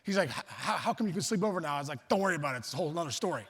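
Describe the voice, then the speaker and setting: A man with a high, bright voice tells a funny story at a luncheon. He talks animatedly and acts out the voices, now and then breaking into loud outbursts. The sound carries a long reverb from the hall. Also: expressive, rapid-fire, breathy edge. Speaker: luncheon speaker. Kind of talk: humorous storytelling speech. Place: banquet hall.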